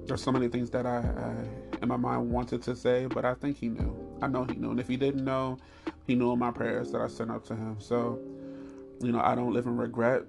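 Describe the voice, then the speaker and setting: A man hosting a podcast, telling a story in a candid, animated and profane way. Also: brisk, gravelly, over music. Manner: animated, profane storytelling with high squeals and laughs. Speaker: podcast host.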